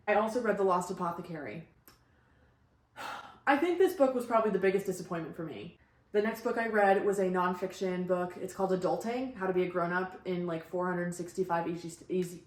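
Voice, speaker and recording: Blunt, upbeat young woman in an echoey room. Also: mid-range voice. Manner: blunt, upbeat verdicts with quick asides. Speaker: book vlogger. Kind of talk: casual book review vlog.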